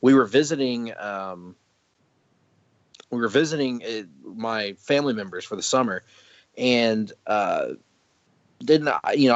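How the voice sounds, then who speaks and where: A man chatting casually on a podcast, an animated storyteller who laughs often and keeps restarting his sentences. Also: mid-range voice, no echo. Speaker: podcast guest. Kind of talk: casual chat. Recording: dry muffled podcast audio.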